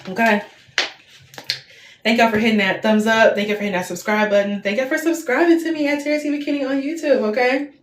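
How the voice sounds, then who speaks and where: A woman in her twenties does a casual tarot reading on a livestream, chatty and repetitive, with plenty of fillers. Her voice is fairly high, steady in tone, and quick, and the recording has a roomy echo plus faint background hiss.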